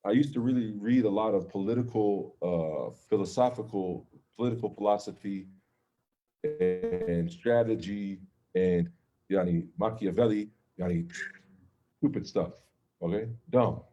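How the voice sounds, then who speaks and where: Low, mellow-voiced man teaching casually. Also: a little slow, lo-fi sound. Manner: conversational, checks in with "okay?" and "right?". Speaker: Islamic teacher. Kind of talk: informal religious class.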